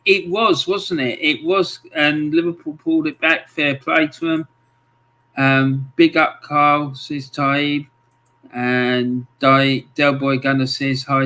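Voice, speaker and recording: Chatting casually on his livestream, the host reads viewer comments and greets people warmly, leaning heavily on ums. His pitch is fairly high and his tone sharp.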